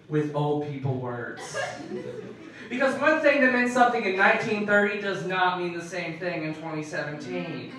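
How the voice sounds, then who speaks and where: A young adult man doing a stand-up comedy set on a club stage, animated and building to mock-outraged shouts. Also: high-pitched. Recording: echoey club from far off.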